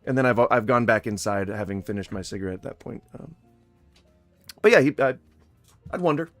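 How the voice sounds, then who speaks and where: A man rambles through a reaction commentary, mocking and sarcastic. His voice has a gravelly fry, and it sits close and dry on the mic. Faint music plays underneath. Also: mid-range voice, animated, fairly quick, a bit bright, dry recording.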